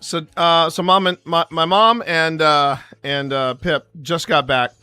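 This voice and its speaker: Bright, forceful man's voice, somewhat high, talking to his live stream viewers in a rambling, chatty way full of fillers and restarts. He is close to a desk mic, and the sound is dry with faint music underneath. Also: fairly even intonation, a little slow, clear, resonant tone, no echo. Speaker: streamer host.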